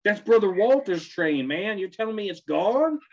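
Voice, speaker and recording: A man's voice: high-pitched, lively intonation, moderate pace, a little mellow, voice pushed up. A man voicing a laid-back, crude young frat-bro cultist who drawls surfer slang, recorded on dull lo-fi audio. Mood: excited.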